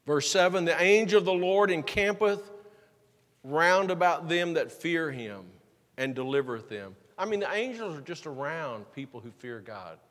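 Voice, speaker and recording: A male preacher delivers a sermon, mixing scripture reading with casual, folksy retellings. His voice sits a bit high for a man. The sound carries the long reverb of a church sanctuary. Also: animated, moderate pace, a bit bright.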